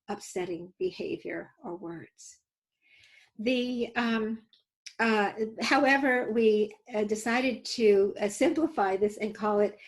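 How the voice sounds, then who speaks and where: A woman's voice: mid-range voice, gravelly, poor audio. A woman safety educator teaching a webinar over a video call, telling stories and coaching her audience through exercises in an earnest way. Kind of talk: webinar teaching with live demos.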